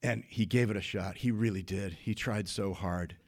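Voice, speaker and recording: A man tells a comic story, animated and swinging from loud bursts to hushed asides. His voice sits low with a gravelly fry. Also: moderate pace. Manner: lively, animated telling with big swings in loudness.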